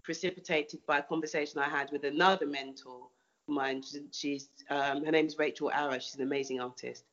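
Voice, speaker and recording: A woman's voice: low voice, steady tone, fairly quick, fairly bright tone, lo-fi sound. A woman artist answering interview questions thoughtfully, often restarting and repeating words.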